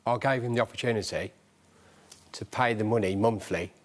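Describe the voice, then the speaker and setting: A man's voice: fairly low pitch, normal speed. A man, a claimant on a TV courtroom show, blunt and indignant. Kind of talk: TV courtroom testimony.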